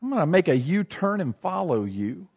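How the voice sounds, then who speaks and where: Husky pastor guy preaching, voice jumps all over, kinda muffled recording. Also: high-pitched, moderate pace. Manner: animated, acts out everyday scenes with shifting voices. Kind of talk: sermon.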